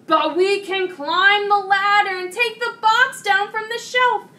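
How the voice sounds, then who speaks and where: A woman's voice: extremely high pitch, steady tone, unhurried, bright, forceful tone, voice pushed up, heavily acted. A woman voicing a fretful young male toad who loves cookies, in an earnest, pleading reading voice. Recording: distant mic with faint noise.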